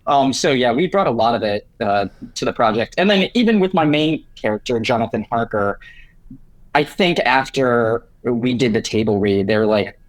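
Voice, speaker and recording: A man's voice: mid-range voice, expressive, moderate pace, dry recording, poor audio. A young man, an actor guest on a podcast, chatting in a bubbly way and laughing often. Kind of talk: casual interview chat.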